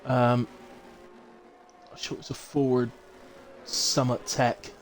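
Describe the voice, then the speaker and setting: A man's voice: mid-range voice, little pitch movement, takes it slowly, a little hiss or hum. A middle-aged man giving chatty live commentary on a sim race, with jokey asides.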